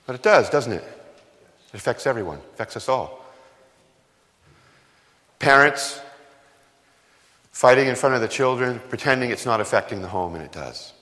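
A man's voice: mid-range voice, lively intonation, moderate pace, pauses often, pushed and bright. A man preaching a sermon as pastor, emphatic and conversational, firing rhetorical questions at his congregation in a church. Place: church sanctuary. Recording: long hall reverb.

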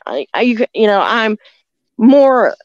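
A woman telling stories in a rambling, halting way, with many restarts, talking from a rural home near the woods. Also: on the high side, big pitch swings, dry recording, lo-fi sound. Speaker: guest telling encounter stories. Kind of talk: casual storytelling on a call-in show.

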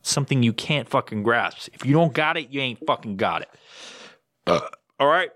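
A man's voice: mid-range voice, lively intonation, normal speed, a bit bright, no room sound, clean studio sound. Crude rambling male podcast host. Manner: rambling, crude, swears constantly. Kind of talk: profane casual monologue.

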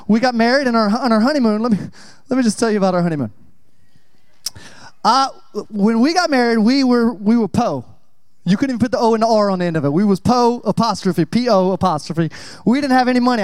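High-voiced joking pastor. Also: male voice, no echo. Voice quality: chatty, joking, animated storyteller. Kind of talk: sermon.

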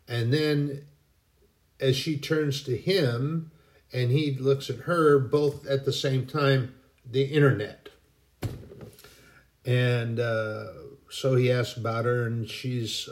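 A man giving a casual devotional talk in a folksy, rambling way, with many pauses and restarts. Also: medium pitch, steady tone. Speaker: Christian speaker.

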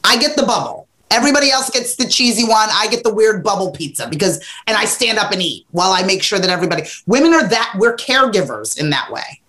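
A middle-aged woman, a podcast guest, telling stories in a relaxed interview and acting out her own past remarks with emphasis. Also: medium pitch, fast, hardly any pauses. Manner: animated, emphatic storytelling with acted-out quotes. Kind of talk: casual interview storytelling.

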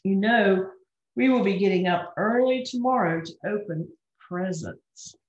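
A calm father softly tells his children it is bedtime, voiced by a woman reading a storybook. He speaks slowly and soothingly. The recording is roomy and a bit muffled. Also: medium pitch, close to an everyday voice. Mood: gentle.

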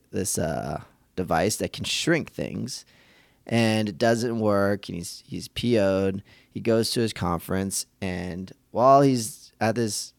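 A man's voice: fairly low pitch, darkish tone, dry recording, clean studio sound. A middle-aged man, a podcast host, talking casually and rambling a little, with restarts and acted-out quotes. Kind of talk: casual solo podcast musing.

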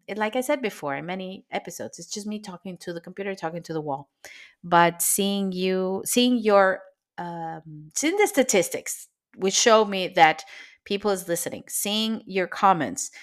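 A woman's voice: fairly low pitch, clear, resonant tone. A woman from Venezuela with a Venezuelan accent, hosting her own solo podcast as a coach, talking in a heartfelt, emotional way with many fillers and restarts.

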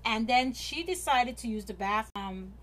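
A woman's voice: on the high side, lively intonation, moderate pace, fairly bright tone. A woman hosting her own podcast, retelling a story in a casual, rambling way with many fillers and restarts. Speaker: podcast host. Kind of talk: casual chat, retelling stories.

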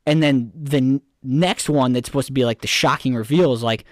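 A man's voice: medium pitch, normal speed, dry recording, studio quality. Young man ranting, casual swearing. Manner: rambling, swears a lot, gets worked up in rants. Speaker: podcast co-host. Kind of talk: casual chat.

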